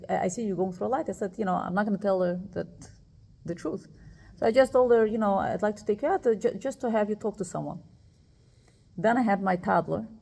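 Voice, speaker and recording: A woman's voice: mid-range voice, creaky, slightly rough. A woman telling a personal story to other women, retelling it with emotion and quoting the people involved. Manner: emotional, animated retelling with quoted dialogue. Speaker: speaker addressing women.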